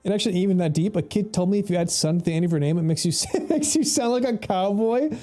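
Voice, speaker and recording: Casting: a mellow-voiced, slightly high man as a chatty, foul-mouthed game streamer. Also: quick pace, few pauses, faint music behind. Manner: rambling, laughs often, swears freely. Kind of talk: casual gameplay commentary.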